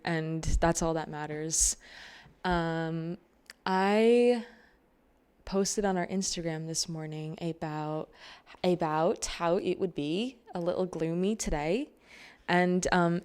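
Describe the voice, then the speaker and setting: Young woman hosting an open mic, slow and kinda flat, lots of ums and restarts. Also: fairly low pitch, smooth. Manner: halting, many fillers and restarts. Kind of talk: casual stage introduction and poetry reading.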